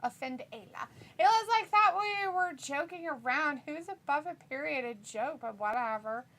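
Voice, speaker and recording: An American woman with a high, bright, ringing voice chats casually on a stream. She giggles often and reads viewer messages aloud, slipping into playful put-on voices for the quotes. Her delivery is loose and chatty. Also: moderate pace. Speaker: co-host of a wrestling watch-along stream. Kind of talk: casual chat, reading viewer comments aloud.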